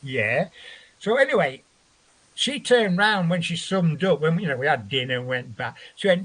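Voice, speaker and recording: A man with a slightly husky, fairly high voice tells a long story as a guest on a chat show. He rambles, swears and acts out the voices of people in his tale. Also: animated, moderate pace, a bit bright. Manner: rambling, profane, acts out quotes.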